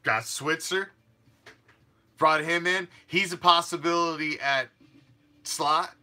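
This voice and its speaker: A man's voice: on the high side, takes it slowly, pauses often, pushed and bright. A man hosting a fan sports show, ranting in a fired-up, profane and mocking way. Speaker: fan podcast host.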